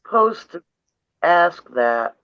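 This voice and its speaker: A woman guest in casual chat with a gravelly voice, speaking haltingly and trailing off. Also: on the low side, big pitch swings, no room sound. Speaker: livestream guest. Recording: dry lo-fi audio.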